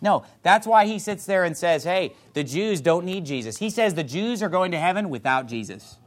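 Male pastor, emphatic sermon delivery, high voice with wide swings; reads scripture in old-fashioned wording. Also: lively intonation, normal speed. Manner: fiery, emphatic preaching.

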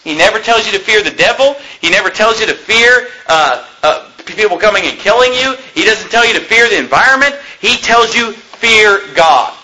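A man preaching a sermon as pastor, emphatic, with repeated phrases and sudden loud peaks. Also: high-pitched, animated, a little fast, hardly any pauses, rough recording.

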